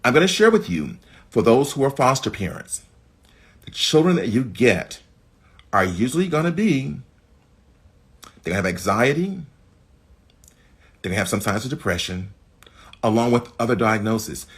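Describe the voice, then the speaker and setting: Animated husky-voiced man teaching. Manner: animated, leaps up in pitch to stress points, addresses the audience as folk. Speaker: mental health educator. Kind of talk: livestream teaching talk.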